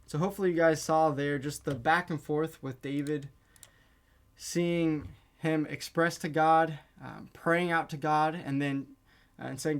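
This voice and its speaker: Earnest young-sounding man with a gravelly voice. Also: on the high side, fairly even intonation, unhurried. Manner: gentle, earnest, with frequent fillers. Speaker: youth group leader. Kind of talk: devotional talk with scripture reading. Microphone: video call.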